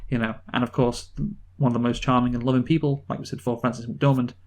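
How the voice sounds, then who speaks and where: A man's voice: mid-range voice, level tone, a little mellow. Chatty man reviewing a film. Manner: rambling, many restarts, quick laughs. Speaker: podcast co-host. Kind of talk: casual film review chat.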